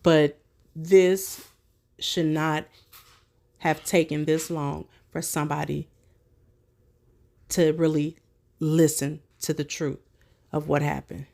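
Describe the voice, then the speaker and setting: A woman hosting a commentary video, talking slowly and chattily to her viewers. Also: deep voice, level tone, creaky, dark tone. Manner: slow, drawn-out, chatty. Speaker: commentary channel host.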